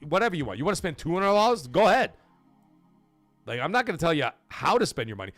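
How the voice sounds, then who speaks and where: A man hosting a gaming stream, his voice sitting a bit high and swinging widely as he rants. He talks bluntly and emphatically to his chat and swears freely. Soft music runs underneath. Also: big pitch swings, fast. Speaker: gaming show host. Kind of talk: livestream chat and rant.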